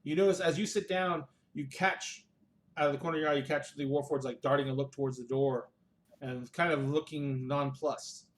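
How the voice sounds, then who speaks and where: A man's voice: fairly high pitch, fairly even intonation, normal speed, a little hiss or hum. Easygoing man running a tabletop game. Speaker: game master.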